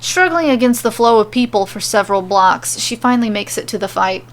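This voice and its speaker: A woman podcaster reading fan fiction aloud in a steady, lightly wry narration. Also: mid-range voice, a little fast. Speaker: podcast storyteller.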